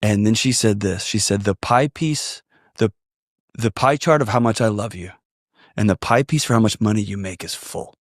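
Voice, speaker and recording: A man with a drawl telling a personal story on a podcast in an earnest, animated way. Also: lowish voice, moderate pace, no room sound, clean studio sound. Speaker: podcast guest. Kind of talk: storytelling conversation.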